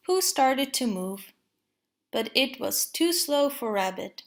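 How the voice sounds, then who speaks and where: A woman reads a children's storybook aloud at a slow, unhurried pace. Her voice sits fairly high and has a gravelly edge. She stays calm and even throughout. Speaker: storybook reader.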